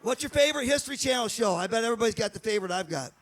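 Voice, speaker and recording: A man's voice: very high voice, expressive, racing, fairly bright tone. A middle-aged man with a Boston accent doing a rambling, chatty stand-up comedy set, swearing now and then. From Michigan. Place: outdoor farm stage before a live crowd.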